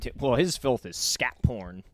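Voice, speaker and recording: A man's voice: mid-range voice, measured pace. A man hosting a podcast, telling stories in casual chat with lots of energy. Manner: animated storyteller. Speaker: podcast host.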